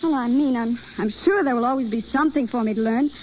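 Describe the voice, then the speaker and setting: Actress as a shy young woman, earnest, hesitant, highish voice, 1930s radio play, dull old broadcast, faint hiss. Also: quick pace, natural voice. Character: shy young woman taking acting lessons. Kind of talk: 1930s radio drama acting.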